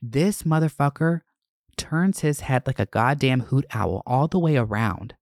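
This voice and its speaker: A man hosts his own podcast and tells a story in a dramatic, foul-mouthed way. He throws his voice sharply upward for emphasis, in a middle-pitched register. The sound is dry and close. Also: a little slow, no room sound. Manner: animated, profane, dramatic storytelling. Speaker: podcast host. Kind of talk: casual solo monologue.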